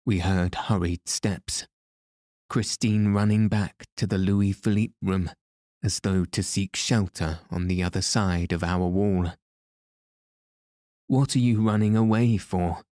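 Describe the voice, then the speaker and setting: A man narrating an audiobook with measured, even storytelling. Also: deep voice, dry recording, studio quality. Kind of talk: scripted narration.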